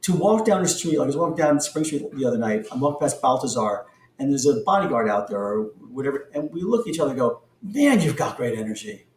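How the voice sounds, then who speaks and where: A middle-aged man telling stories as a podcast guest, animated, his voice jumping up in excited bursts. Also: mid-range voice, fast, a little hiss or hum. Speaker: podcast guest, company founder. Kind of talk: storytelling in an interview. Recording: echoey room, distant from the mic.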